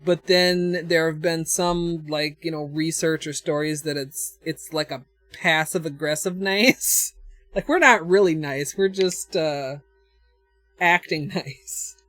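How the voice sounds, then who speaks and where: Slow-talking Minnesotan woman streamer. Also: sits low, a bit bright, no echo. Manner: thinks aloud, chatty, answers chat, chuckles often. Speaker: nail art livestreamer. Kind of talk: casual livestream chat while demonstrating.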